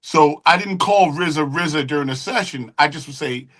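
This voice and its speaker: Man, middle-aged, bright and fairly high voice, animated storyteller, acts out quotes. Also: moderate pace. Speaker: guest, music engineer and producer. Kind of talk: casual interview storytelling.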